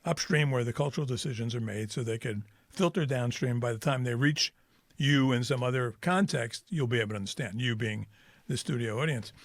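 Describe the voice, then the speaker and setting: A man of middle pitch co-hosting a podcast, talking in a loose, joking way and drifting into wry stories. His voice is dry and close, with no room sound around it. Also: a little fast, dry recording. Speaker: podcast co-host. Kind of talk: casual conversational podcast chat. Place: Kansas City.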